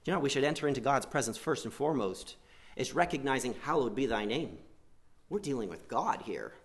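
A man preaching a sermon, swinging between loud emphatic lines and quiet asides, and acting out quoted prayers. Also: medium pitch, animated, fast talker, vocal fry. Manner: acts out quoted prayers in a pleading voice.

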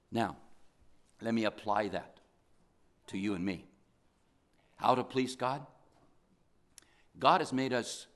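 An older man preaching a sermon in an earnest, fervent way, slowing to stress key phrases. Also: lowish voice.

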